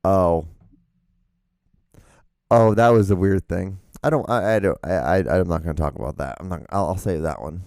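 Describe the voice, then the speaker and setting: A man's voice: sits low, moderate pace, pauses often, a little mellow, no room sound. A man hosting a solo podcast, ranting with lots of swearing and mocking voices, seated at a desk microphone. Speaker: podcast host. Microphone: desk microphone in front of him.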